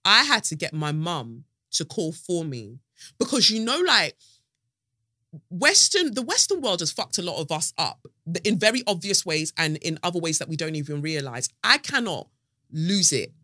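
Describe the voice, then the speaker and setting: A woman hosting a podcast, telling a story in an animated, dramatic way and swearing freely. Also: fairly low pitch, normal speed, no echo, studio quality. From United Kingdom. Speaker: podcast host. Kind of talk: casual podcast monologue.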